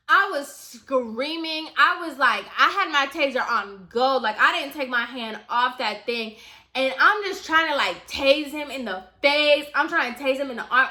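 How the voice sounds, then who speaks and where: A woman's voice: a little high, pushed and bright. A woman telling a storytime on her vlog, chatty and casual, using "like" a lot and talking straight to her viewers. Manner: chatty, heavy use of "like", addresses viewers directly. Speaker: vlogger.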